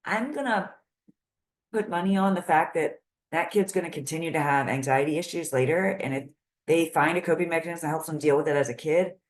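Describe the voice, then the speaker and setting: A woman therapist giving an educational talk to parents, speaking in a direct, lively and conversational way. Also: deep voice, a little fast.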